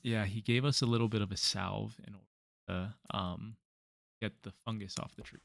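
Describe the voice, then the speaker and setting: A man hosting a casual let's-play, talking relaxed and explaining the game to his partner. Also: lowish voice, a little fast, creaky, no echo. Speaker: gaming channel host.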